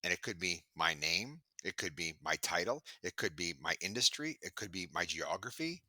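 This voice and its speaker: A man being interviewed about sales, talking in a lively way and acting out bits of dialogue, sometimes stammering as he restarts. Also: deep voice, moderate pace, no room sound, studio quality. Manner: animated storyteller, acts out dialogue. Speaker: sales expert guest. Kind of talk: podcast interview.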